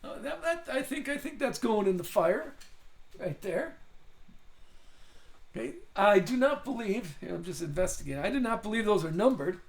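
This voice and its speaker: A man's voice: sits high, animated, normal speed, vocal fry. A man hosting a live card break, chatting casually, thinking aloud and reading off names as he opens packs. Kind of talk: live card-opening stream chat.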